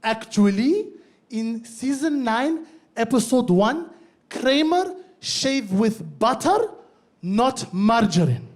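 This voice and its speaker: A man voicing his tiny, unflappable African mother, who speaks slowly and deadpan. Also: fairly high pitch. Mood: matter-of-fact. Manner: slow, deadpan, unblinking delivery. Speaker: trivia champion mother.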